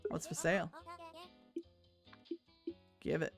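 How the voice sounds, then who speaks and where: A woman's voice: medium pitch, animated, normal speed, soft background music. A woman streaming a game, chatting casually and reading the characters' lines aloud in put-on voices. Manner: chatty, laughs often, puts on voices for characters.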